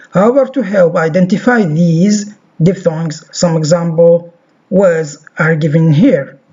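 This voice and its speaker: A man's voice: a little high, a little mellow, husky. A man giving a recorded phonetics lecture, reading from a textbook and repeating example words over and over. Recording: dull lo-fi recording.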